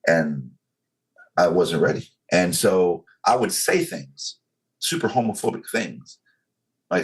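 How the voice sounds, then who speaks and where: A man in his forties from North Carolina with a Southern accent, telling his story as a podcast guest in a slow, controlled way. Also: low voice, animated. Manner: slow, controlled, deliberate delivery.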